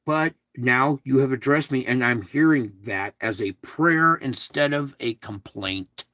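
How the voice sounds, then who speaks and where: A devotional speaker gives a talk in the voice of God, blunt and conversational, using crude words and asking listeners many coaxing questions. His medium-pitched voice is pushed and bright at a measured pace. The recording is dry.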